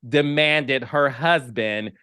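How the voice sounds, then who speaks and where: Animated male podcast host, crisp and dry. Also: mid-range voice, slow pace, no echo. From American Midwest. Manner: animated, emphatic, repeats words when excited. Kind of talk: casual interview chat.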